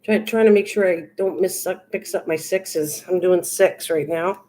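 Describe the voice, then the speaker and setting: An older woman hosts a crafting livestream in a fairly low, warm voice at a normal speed. She chats casually with her live viewers, reading their comments aloud as she answers them.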